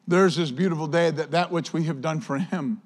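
A man's voice: on the high side, a little fast, big-room sound. A male pastor preaching a sermon, impassioned, with repetition and rising exclamations.

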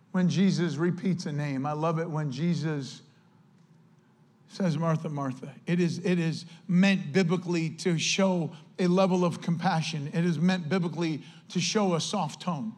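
A male pastor preaches in an earnest, conversational way, turning often to address the church directly. His voice sits fairly high for a man. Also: a little slow, a little mellow. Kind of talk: sermon.

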